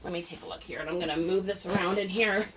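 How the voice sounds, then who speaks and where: With a lowish voice and fairly even intonation, a woman talks at a quick pace against background noise. She's a chatty reseller live-streaming as she packs orders, speaking to viewers and reading their comments.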